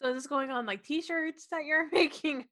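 A woman guest in a casual chat, soft-spoken and amused. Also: sits high, normal speed.

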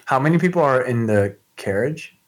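A man takes part in a tabletop game as a player. He talks hesitantly and uses many fillers. His voice sits at a middle pitch. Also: expressive, normal speed. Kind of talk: casual game talk.

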